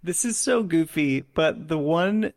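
Male podcast co-host, gravelly and slightly high, easygoing enthusiastic banter. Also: expressive, unhurried. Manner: laughs often, enthusiastic, says "dude". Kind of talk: casual chat.

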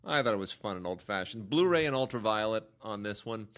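Lively, low-voiced man reviewing films. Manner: enthusiastic, argumentative, speeds up and slows down. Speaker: podcast co-host, film reviewer. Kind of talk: casual chat reviewing films.

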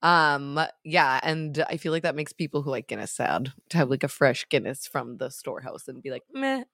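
Giggly woman, chatty and animated. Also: sits low, normal speed, vocal fry, dry recording, clean studio sound. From Alberta, Canada. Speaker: podcast co-host. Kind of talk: casual chat.

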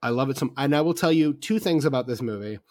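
A man's voice: medium pitch, animated, quick pace, darkish tone, no room sound. A man co-hosting a casual film podcast, talking with rambling enthusiasm, full of fillers and casual swearing. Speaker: podcast co-host.

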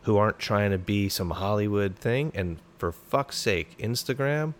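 A man with a very low voice talks in a blunt, fired-up, profane way as a podcast guest. He sounds middle-aged, and a faint hiss sits under his voice. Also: expressive, moderate pace. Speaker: podcast guest, former special operations soldier. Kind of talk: casual podcast conversation.

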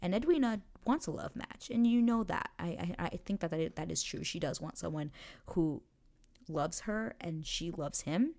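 A young woman chats excitedly through a casual show recap, her voice low and gravelly. She swears freely and swings her pitch widely as she acts out characters' lines in quick asides. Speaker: podcast host recapping a TV show.

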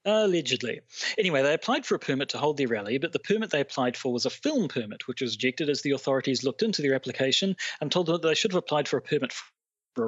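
A man's voice: medium pitch, fairly bright tone, slightly rough, no echo, highs cut off. A man hosting a podcast in a playful, teasing, rambling way. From Britain. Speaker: podcast host. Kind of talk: casual podcast chat.

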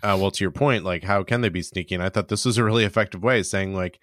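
A man co-hosts a podcast with a dry, joking humor and frequent laughs. His voice sits fairly low and sounds close and dry. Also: very fast, a bit bright, no room sound. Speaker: podcast co-host. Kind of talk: casual podcast chat.

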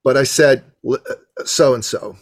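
A man telling an excited story as a podcast guest, repeating words and acting out what people said. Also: medium pitch, unhurried. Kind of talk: animated storytelling.

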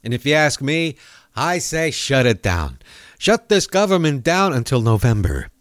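A male talk show host ranting in a profane, mocking monologue. His pitch swings up and down a great deal as he jabs at his targets. The sound is close and dry, with no room around it. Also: big pitch swings, a little slow, no echo. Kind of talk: comedic rant monologue.

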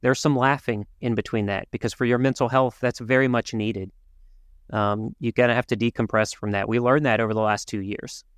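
A man co-hosting a podcast, talking in an earnest, measured way with a few restarts. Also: mid-range voice, fairly even intonation, clear, resonant tone, no echo, studio quality. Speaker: podcast co-host. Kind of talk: casual podcast chat.

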